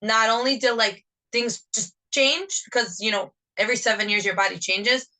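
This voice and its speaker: Woman, New Jersey accent, bright voice, a chatty podcast co-host who rambles. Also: a little high, moderate pace, poor audio. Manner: chatty, rambling, jumps between topics. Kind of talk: casual chat.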